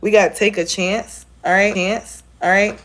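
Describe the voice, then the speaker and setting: A woman's voice: medium pitch, steady tone, unhurried, fairly bright tone, a little hiss or hum. A woman giving a casual tarot reading to her viewers, chatty and encouraging, calling them y'all, recorded on a phone camera. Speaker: tarot reader.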